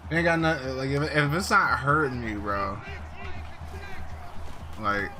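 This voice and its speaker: A young man on a live stream talks in a bright, pushy voice. He rambles and swears freely, padding his thoughts with fillers between reactions to the game. Faint music plays underneath. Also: mid-range voice, animated, takes it slowly. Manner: blunt, profane, rambling with lots of fillers. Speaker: streamer playing a football video game.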